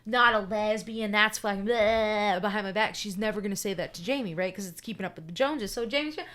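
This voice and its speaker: A woman's voice: medium pitch, brisk, a bit bright. A woman in casual podcast chat, telling a personal story bluntly, swearing often and checking in with "right?". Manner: emphatic and candid.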